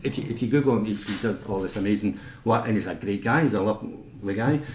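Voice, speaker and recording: A man's voice: fairly low pitch, fast talker, a crowd in the background. A man with a Scottish accent, a nurse giving an informal talk about his work, chatty and full of anecdotes and restarts. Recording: echoey meeting room, faint noise.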